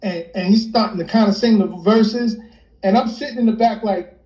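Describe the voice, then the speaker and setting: A fairly high-voiced man from New York tells a story as an interview guest, animated and lively, acting out each friend's lines in turn. His tone is mellow and warm. The sound is roomy, like a livestream from an echoey room. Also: moderate pace. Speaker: interview guest, rapper and producer. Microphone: phone or computer on a livestream.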